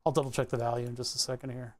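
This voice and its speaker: A streamer in a chill livestream, talking at a medium pitch, unhurried and half to themselves. Sentences trail off and get corrected along the way, like someone thinking out loud while working. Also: level tone. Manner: muttering to self, frequent self-corrections. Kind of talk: relaxed think-aloud livestream narration.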